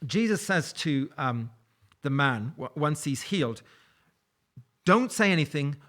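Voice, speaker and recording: A man's voice: fairly high pitch, sing-song, measured pace, fairly bright tone. A man preaching a sermon in a conversational, storytelling way, with light laughs. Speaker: pastor.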